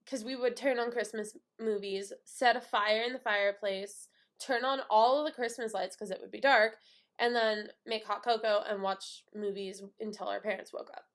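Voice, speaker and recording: A young woman telling a holiday story to the camera in a casual, chatty way. Her voice sits a little high and sounds bright and clear, and she acts out each person's lines with lively energy. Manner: animated, acts out both sides of the story. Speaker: vlogger.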